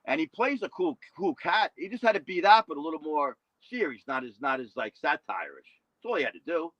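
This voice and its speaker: Brief: man, guest on a stream, rambling and repetitive, bright forceful tone, dull lo-fi audio. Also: fairly high pitch, big pitch swings, fairly quick, no echo. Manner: rambling, repeats "you know what I mean". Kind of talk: casual livestream chat.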